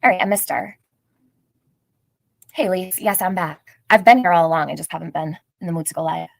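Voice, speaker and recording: A woman's voice: lowish voice, a little fast, creaky, dry recording, poor audio. A middle-aged woman hosting a casual livestream, chatting, greeting viewers by name and laughing often. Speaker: livestream host.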